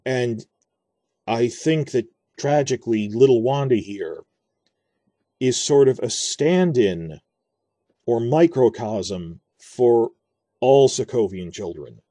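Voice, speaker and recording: A man's voice: mid-range voice, animated, takes it slowly, long pauses, warm tone, no room sound. A man giving earnest, rambling spoken commentary on a TV series, often restarting and correcting himself. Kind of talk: casual video commentary on a TV series.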